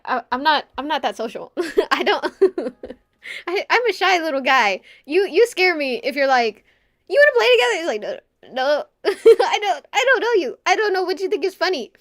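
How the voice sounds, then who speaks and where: Casting note: young female streamer, higher-pitched voice, giggly rambling chat, close dry mic. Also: fairly bright tone, dry recording. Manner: giggly, rambling, drops to a mutter while working.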